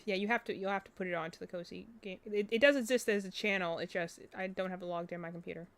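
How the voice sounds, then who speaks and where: A young woman streaming a casual chat, speaking softly with frequent restarts, close to the mic. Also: medium pitch, smooth, no echo. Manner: soft-spoken, halting.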